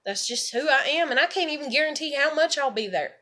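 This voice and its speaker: A woman with a drawl talks in a loose, rambling monologue, and her voice sits a little high with a bright, forceful edge. She swears easily and keeps circling back with "you know" and "like.". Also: animated, fairly quick. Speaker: vlogger.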